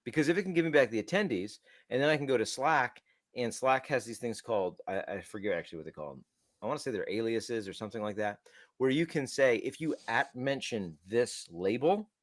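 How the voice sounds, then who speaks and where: Animated, rambling man on a dry mic. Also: medium pitch, no echo. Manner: rambling, animated storytelling with many restarts. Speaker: co-host of a developer podcast. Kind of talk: casual tech chat.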